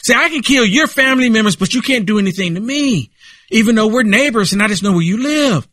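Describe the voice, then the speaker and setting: A man delivers fired-up political commentary in a high, piercing voice with a forceful edge. He hammers his points home, repeating lines like a preacher. The sound is dry and close to the mic. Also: expressive, fast talker, no room sound. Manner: emphatic, repetitive, preaching tone.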